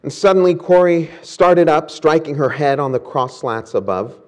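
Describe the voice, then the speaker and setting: A man preaching a sermon who prays quietly and reverently, then tells a story in a lively way. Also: a little high, normal speed. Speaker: pastor.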